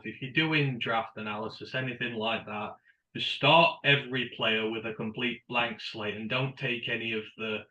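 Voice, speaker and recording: A man's voice: mid-range voice, pushed and bright. A man co-hosting a sports podcast, giving emphatic opinions and building on others' points. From United Kingdom. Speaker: podcast co-host. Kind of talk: casual sports podcast chat. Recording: roomy, dull lo-fi mic.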